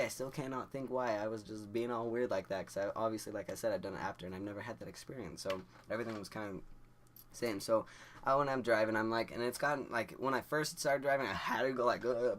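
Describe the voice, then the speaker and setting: A man's voice: on the low side, fast, a bit bright, a little hiss or hum. A young man vlogging, telling a rambling story with lots of fillers, acting out the quotes and laughing. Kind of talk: casual storytelling.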